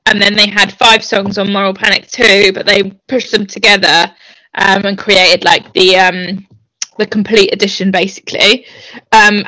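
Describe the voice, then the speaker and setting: A woman's voice: medium pitch, sharp tone, dry recording, rough recording. A woman co-hosting a podcast in casual chat, chatty and enthusiastic, laughing easily. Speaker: podcast co-host.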